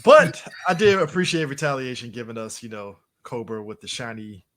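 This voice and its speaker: A man's voice: mid-range voice, normal speed, fairly bright tone. A man co-hosting a casual podcast chat, laughing often and acting out quotes as he tells stories. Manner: laughing, loose storyteller, acts out quotes. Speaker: podcast co-host.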